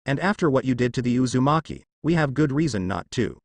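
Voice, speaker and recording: A man's voice: mid-range voice, animated, quick pace, dry recording. A man voicing a scornful ninja commander. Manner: scornful, snapping. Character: stern, hostile male ninja commander.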